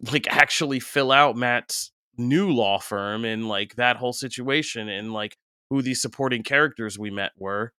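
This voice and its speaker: Male podcast guest, smooth resonant voice, hiccuping, animated and wry. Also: mid-range voice, no room sound, studio quality. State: has the hiccups. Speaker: guest critic. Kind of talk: casual podcast discussion.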